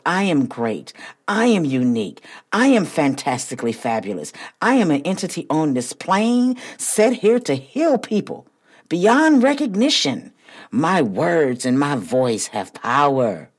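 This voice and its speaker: Husky, very deep-voiced woman preaching. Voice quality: husky, low voice. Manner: preachy, emphatic, rises to near-shouting. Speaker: podcast host. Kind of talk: motivational podcast monologue.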